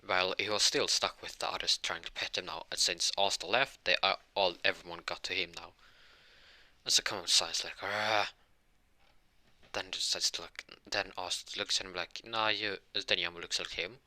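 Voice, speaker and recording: A man's voice: deep voice, flat delivery, a little fast, bright, forceful tone, no echo. A young man improvising a fan-fiction story aloud, rambling with many restarts and self-corrections.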